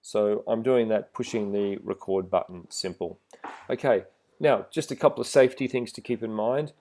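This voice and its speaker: A middle-aged man giving a relaxed, plain-spoken instructional talk to trainee driving instructors, with some fillers. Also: on the low side, normal speed. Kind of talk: instructional voice-over with slides.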